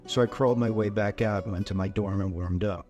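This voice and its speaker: An older man with a somewhat low voice tells his own life story as testimony. He speaks haltingly, stumbling and repeating words as he works through hard memories, while soft music plays faintly underneath. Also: fairly even intonation. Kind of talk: personal testimony.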